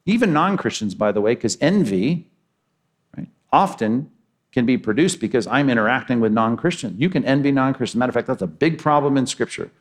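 A man's voice: mid-range voice, lively intonation, brisk. A man preaching a sermon as pastor, emphatic and repetitive, pushing his points with rising and falling intensity.

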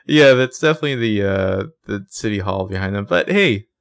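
A man's voice: on the low side, lively intonation, brisk, no echo. A man co-hosting a casual TV recap podcast, chatting with dry, sarcastic asides. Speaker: podcast co-host.

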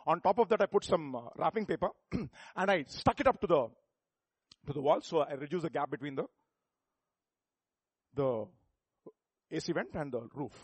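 A middle-aged pastor, preaching a sermon full of rhetorical questions that builds to emphatic peaks. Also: male voice, a little high, animated, moderate pace, long pauses, husky, dry recording.

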